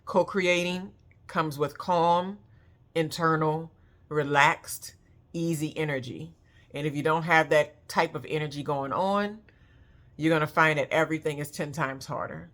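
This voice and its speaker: A woman's voice: low-pitched, measured pace, fairly bright tone. A woman vlogger talking earnestly about emotional release, reflective and encouraging. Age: adult with children. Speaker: spiritual vlogger. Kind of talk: casual heartfelt monologue.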